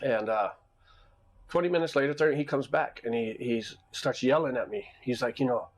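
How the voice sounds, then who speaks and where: Speaking at a moderate pace in a medium-pitched voice, a man who owns a nightclub relates stories from work. It's a casual storytelling vlog, rambling and full of restarts and lengthy digressions, and he turns animated when replaying arguments.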